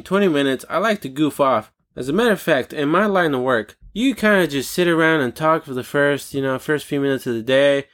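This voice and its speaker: A man delivering a comedic solo rant as host, rambling and profane with silly tangents. His voice sits a little high for a man. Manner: rambling, profane, jokey digressions.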